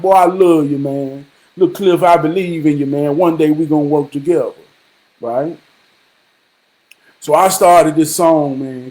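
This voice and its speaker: A man casually telling a story to his viewers in a rambling, repetitive and profane way, slipping into preachy advice. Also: sits high. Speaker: vlogger.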